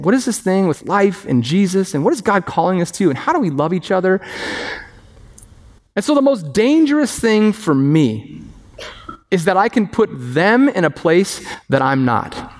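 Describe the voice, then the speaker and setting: A man preaching a sermon as pastor, animated and acting out the voices of others. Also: high-pitched, moderate pace. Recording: long reverb of a hall.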